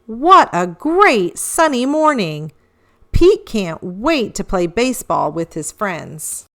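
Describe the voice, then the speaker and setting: Woman, children's storybook read-aloud, expressive storytelling, unhurried, animated. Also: on the high side, over music. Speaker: children's book reader.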